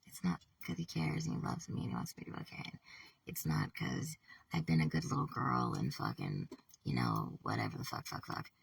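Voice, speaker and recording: A woman talking to camera in a rambling, halting personal monologue, swearing often, trailing off mid-thought and sometimes dropping to a whisper. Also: rumbling low, wildly swooping pitch, creaky, husky, no room sound, far from the mic. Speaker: vlogger.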